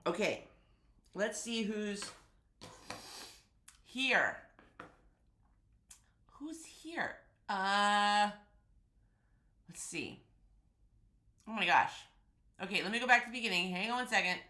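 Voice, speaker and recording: A woman's voice: medium pitch, animated, slow, pauses often, sharp tone. Congested woman hosting a chatty livestream. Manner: chatty, greets viewers by name, rambling asides. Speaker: host of a live sewing stream. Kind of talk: casual live-stream chat. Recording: echoey room.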